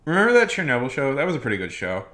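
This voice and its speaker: A man's voice: mid-range voice, huge pitch swings, rapid-fire, a bit bright. A man livestreaming casual, rambling commentary, emphatic and repeating his points. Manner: emphatic, repeats himself, restarts often. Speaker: streamer.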